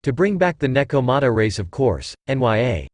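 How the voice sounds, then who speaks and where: A man's voice: mid-range voice, big pitch swings, normal speed, dry recording, lightly acted. A man voicing a playful, flirtatious female cat-demon who teases and purrs. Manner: purring, teasing.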